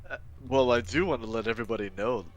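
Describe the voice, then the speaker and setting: A man's voice: mid-range voice, big pitch swings, fast, vocal fry. A man chatting casually as a player at a tabletop game, rambling and playful. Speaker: player and organizer of the group.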